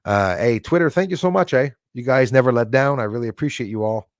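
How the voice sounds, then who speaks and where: A man's voice: mid-range voice, fast talker, no room sound, clean studio sound. A man hosting a livestream, chatting in a rambling way and thanking viewers by name. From Canada. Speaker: livestream host. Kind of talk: casual livestream chat.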